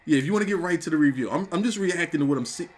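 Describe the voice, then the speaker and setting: A young man reacting live on camera for his review channel, stunned and repeating exclamations, with bursts of shouting. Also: a little high, animated, racing. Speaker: wrestling reviewer.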